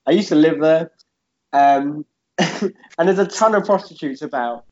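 A man's voice: a little high, measured pace, darkish tone. Rambling man with muffled audio. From Britain. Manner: rambling, laughing often, swearing. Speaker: podcast co-host. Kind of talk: casual podcast storytelling.

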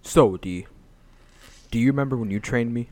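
A man's voice: mid-range voice, moderate pace, darkish tone. A man guesting on a comedy podcast, talking with a mock-formal, news-anchor-like delivery while he has a cold. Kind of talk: improvised comedy banter.

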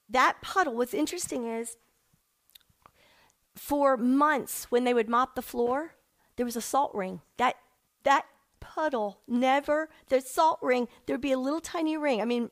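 A middle-aged woman telling her personal faith testimony in an emotional, animated way, acting out the people she quotes. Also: high voice. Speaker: speaker sharing a personal testimony.

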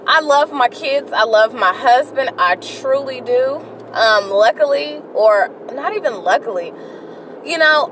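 A Bay woman in her early thirties vents candidly on her solo podcast, swearing freely and rambling into sudden outbursts. Her fairly high voice sits away from the mic. Steady car road noise runs behind her. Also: recorded from a distance, low-quality recording. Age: early 30s. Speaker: podcast host. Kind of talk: casual solo podcast venting. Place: inside a car on the freeway.

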